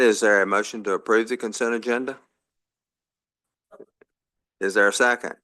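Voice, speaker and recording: Man chairing a board meeting, bright forceful voice, calls motions and votes, set phrases, small fillers. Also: medium pitch.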